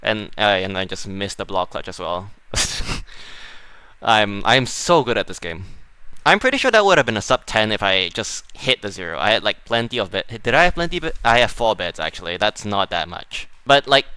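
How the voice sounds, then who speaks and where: Young man with a bright voice commenting casually on gameplay. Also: lowish voice, big pitch swings, normal speed, clean tone, no room sound. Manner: offhand, self-mocking, chuckling. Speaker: gamer.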